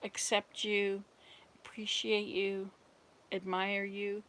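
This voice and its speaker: A woman's voice: mid-range voice, monotone, takes it slowly, fairly bright tone. A woman playing God in a joke, promising Adam a perfect companion in a soothing, generous tone. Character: God, a calm generous male creator.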